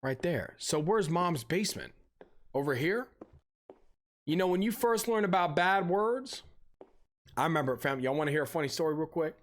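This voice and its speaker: Streaming a game, this young man talks at a moderate pace with long pauses in a fairly high voice. His casual chat is profane ranting mixed with lively stories.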